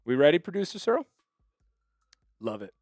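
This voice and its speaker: A young man hosting a live sports show, hyped and energetic, shouting out viewers by name. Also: a little high, moderate pace, no room sound, clean studio sound, soft background music. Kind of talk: live-stream sports chat.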